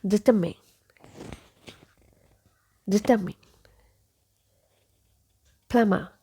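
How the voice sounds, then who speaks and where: A woman teaching English pronunciation, saying single words slowly and repeating each one carefully. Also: medium pitch, dark tone, husky. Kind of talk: pronunciation lesson.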